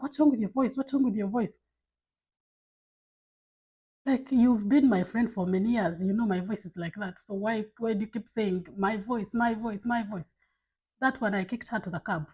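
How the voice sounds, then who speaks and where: A woman's voice: medium pitch, slightly rough, poor audio. A woman talking candidly to camera, giving blunt life advice in a casual, filler-filled way. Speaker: vlogger.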